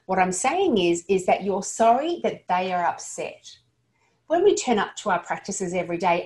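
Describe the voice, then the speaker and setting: A woman with a mid-range voice gives staff a practical lesson on handling upset patients. She talks earnestly and plainly, often catching herself and restarting a phrase. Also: mid-range voice. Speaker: dental practice trainer. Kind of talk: instructional talk to dental staff.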